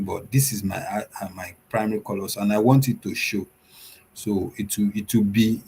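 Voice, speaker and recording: A man's voice: on the low side, dark tone, slight background noise. A man teaching web design in a screen-share tutorial, walking through the steps one by one, repeating himself and using many fillers.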